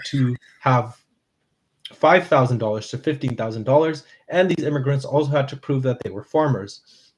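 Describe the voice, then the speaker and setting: Male narrator, scripted history read, measured and dry, mid-pitch. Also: rough recording.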